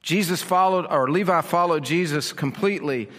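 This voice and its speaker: Pastor preaching in a reverberant hall. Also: male voice, a little high, normal speed, a bit bright. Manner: explanatory, with rhetorical questions and repeated phrases. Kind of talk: sermon.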